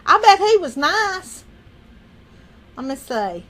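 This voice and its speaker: Slow, high-voiced woman chatting. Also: very animated, fairly bright tone, slight background noise. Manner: rambling, folksy, laughs often. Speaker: livestream host. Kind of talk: casual livestream chat.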